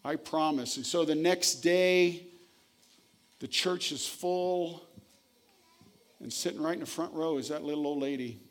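A man's voice: a little high, unhurried, long pauses. A man preaching a sermon, telling a story and then reading scripture, earnest and emphatic. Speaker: pastor.

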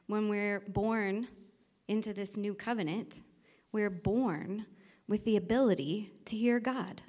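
A woman's voice: mid-range voice, slow, darkish tone. A woman, a mother, sharing a sermon and teaching with playful family stories. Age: adult parent. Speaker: co-speaker in sermon, reading points.

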